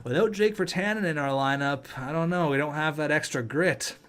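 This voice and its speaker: Excitable young man calling a hockey game. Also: on the high side, fairly quick, smooth. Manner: excitable, jokey, shouts at big plays. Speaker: gaming YouTuber. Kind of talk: live game commentary.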